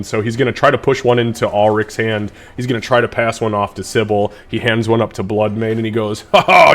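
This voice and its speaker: A man narrating a tabletop game as game master, casual and rambling with many fillers. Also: fairly low pitch.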